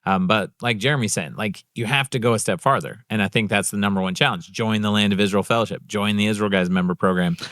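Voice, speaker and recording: Jokey podcast guy, bit low voice, dry close mic. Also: fast talker, hardly any pauses, fairly bright tone, dry recording. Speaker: podcast co-host. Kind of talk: casual chat.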